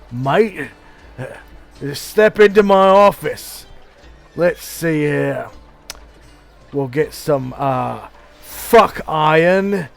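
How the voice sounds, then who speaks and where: A man voicing a large, gruff male blacksmith, hearty and full of swearing. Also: high voice, voice pushed up, full character voice.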